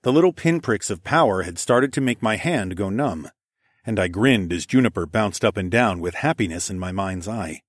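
A man narrating a first-person fantasy audiobook in a steady, even way. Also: on the low side, normal speed, dry recording, studio quality.

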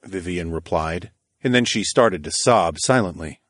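Low-voiced male audiobook narrator. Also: a little slow, a bit bright, dry recording, clean studio sound. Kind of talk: first-person audiobook narration.

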